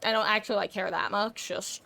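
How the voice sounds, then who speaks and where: A woman's voice: mid-range voice, steady tone, fairly quick, gravelly, sharp tone, slight background noise. A woman chatting casually while she streams a game. She rambles and swears freely. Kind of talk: casual chat while gaming.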